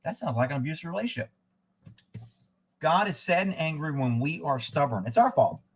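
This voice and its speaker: A man's voice: on the high side, expressive, brisk, breathy edge. A man hosting a casual live stream, ranting sarcastically and muttering as he reads aloud and answers chat. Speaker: livestream host.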